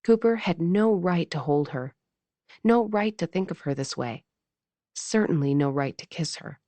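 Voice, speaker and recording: A woman narrating a romance audiobook in a measured, intimate reading style on a close mic. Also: fairly low pitch, lively intonation, dark tone, dry recording.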